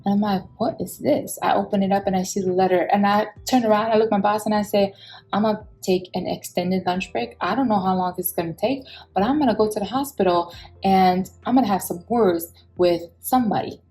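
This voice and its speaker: A woman, telling a personal story in an expressive, heated vlog style and acting out the people she quotes. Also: medium pitch, a little fast, soft background music, low-quality recording.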